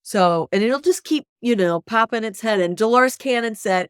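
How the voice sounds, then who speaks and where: A woman working as a hypnosis coach, speaking in an animated, conversational way and often checking in with "right?". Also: fairly high pitch, moderate pace, few pauses, smooth, no echo, clean studio sound. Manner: animated, often tags "right?", acts out inner voices. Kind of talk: conversational interview.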